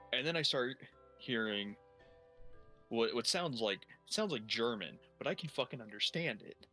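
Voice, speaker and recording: A man's voice: medium pitch, animated, moderate pace, bright, forceful tone, faint music behind. A young man telling a long story while playing a game, rambling, swearing heavily and restarting his sentences. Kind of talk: casual profane storytelling while gaming.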